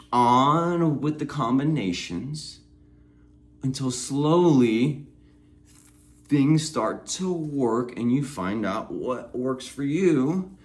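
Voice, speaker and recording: A man's voice: medium pitch, slow. A man hosting speaking-practice videos, giving a candid, encouraging self-therapy monologue in which he acts out his own inner voices.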